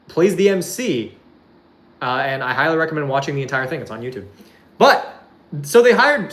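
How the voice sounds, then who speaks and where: A streamer talking loosely to their chat, voice swinging widely up and down in pitch. They ramble from one half-finished thought to the next, swearing freely and leaning on "like" constantly. The delivery is casual and unscripted. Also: fairly bright tone. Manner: rambling, swears often, heavy use of "like"; laughs while describing a clip.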